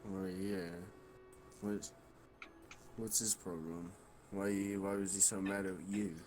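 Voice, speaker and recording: A man talking as a player in a tabletop game, low-voiced and hesitant. His pitch stays flat and even. Faint music plays behind. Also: takes it slowly. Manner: hesitant, casual. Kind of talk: casual tabletop role-play.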